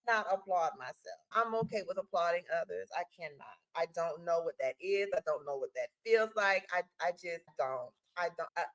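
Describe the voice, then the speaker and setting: A woman in her forties co-hosts a podcast in a heartfelt, casual way. Her voice sits low, and she laughs often while she opens up about her family. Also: lively intonation, normal speed, few pauses, fairly bright tone. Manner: emotional, laughs a lot. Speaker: podcast co-host. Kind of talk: casual chat.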